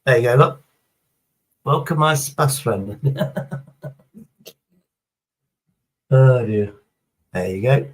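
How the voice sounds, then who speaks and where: A man's voice: mid-range voice, sing-song, takes it slowly, pauses often, fairly bright tone, low-quality recording. A man chatting casually on a live stream, rambling through a story and swearing heavily as he reads the chat.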